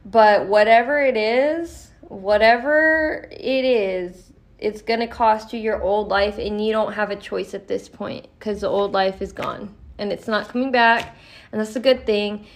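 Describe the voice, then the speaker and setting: A woman's voice: medium pitch, a little slow. A young woman giving a casual tarot reading on her podcast, talking in a blunt, profane and encouraging way. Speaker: tarot reader.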